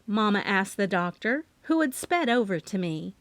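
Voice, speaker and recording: A woman narrating a first-person mystery audiobook in an expressive, lively storytelling manner. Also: medium pitch, moderate pace, no echo.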